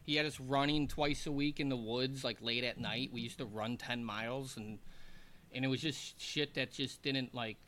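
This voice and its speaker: A man's voice: medium pitch, moderate pace. A man, a former hockey player and guest, telling rambling, laughing anecdotes in a casual chat. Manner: rambling, laughing, animated anecdotes with put-on quotes.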